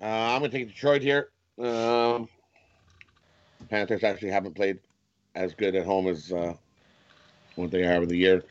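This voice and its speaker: A man's voice: low voice, steady tone, normal speed, long pauses, dry recording, dull audio. A man giving his betting picks in a casual chat, hesitant and full of fillers. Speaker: panelist.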